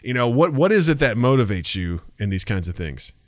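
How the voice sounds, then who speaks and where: A man's voice: mid-range voice, brisk, no room sound, studio quality. A man in his thirties co-hosting a podcast in casual chat, telling stories animatedly and acting out the people he quotes. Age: 30s. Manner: animated storyteller, acts out quotes. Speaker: podcast co-host.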